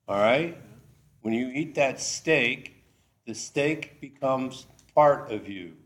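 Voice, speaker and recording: A man teaching a Bible study, explaining scripture deliberately and checking in with the class. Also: mid-range voice. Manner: slow, deliberate, checks in with "okay?".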